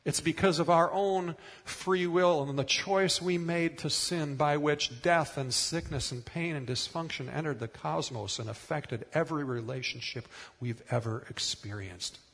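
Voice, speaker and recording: Earnest middle-aged preacher in an echoing hall. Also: male voice, a little high, measured pace, hardly any pauses, a bit bright, breathy edge. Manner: earnest, emphatic, repeats words for stress. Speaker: pastor. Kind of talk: sermon.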